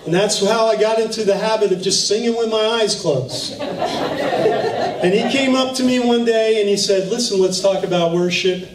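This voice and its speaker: A man preaching a sermon in a church, telling stories in an animated way with laughter along the way. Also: high-pitched, normal speed. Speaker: pastor. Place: church sanctuary. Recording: echoey room from far off, faint noise.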